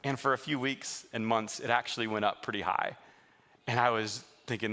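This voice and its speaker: A man preaching a sermon as a pastor to his live congregation in a church, telling stories in a lively way and teasing the listeners with jokes. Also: mid-range voice, normal speed. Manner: lively, joking storyteller who teases the congregation.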